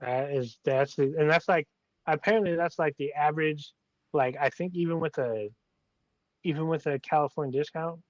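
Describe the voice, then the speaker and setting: A man with a somewhat raised pitch chats on a podcast with short, blunt reactions. His mic sounds dull and lo-fi, and his voice is dry and close. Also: normal speed, no echo. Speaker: podcast co-host. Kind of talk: casual chat.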